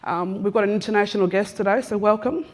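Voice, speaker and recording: An Australian woman in her fifties talks to a large conference room in a loose, joking way, calling out to people in the audience as she wanders among them. Her voice sits at an ordinary middle pitch, and her delivery is full of filler ums and friendly teasing. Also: quick pace. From Western Australia. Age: 50s. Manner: chatty and teasing, addresses people in the room directly, many "um"s. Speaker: conference speaker giving an Acknowledgement of Country. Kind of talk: casual, joking talk to a live audience.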